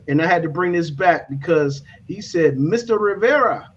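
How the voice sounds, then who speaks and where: A man's voice: a little high, fairly even intonation, moderate pace. A man hosting a casual morning talk show, laid-back and repeating his catchphrases. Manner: laid-back, repeats "you know what I'm saying". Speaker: radio talk show host. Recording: dull lo-fi stream audio.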